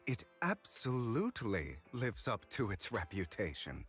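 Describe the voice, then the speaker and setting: A man's voice: lowish voice, huge pitch swings, a little slow, a bit bright, faint music behind, heavily acted. An actor playing a refined, courteous male collector in a video game, speaking in a silky, polite manner. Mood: suave. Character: suave refined male collector, smooth flatterer. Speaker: game character.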